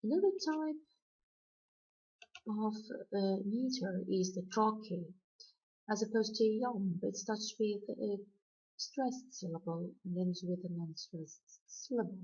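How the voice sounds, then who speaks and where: A woman lecturer explaining poetic meter in a slow, deliberate way, chanting out stress patterns. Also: medium pitch, lively intonation, mellow, breathy edge. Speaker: university lecturer. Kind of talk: recorded poetry lecture. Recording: dull lo-fi recording.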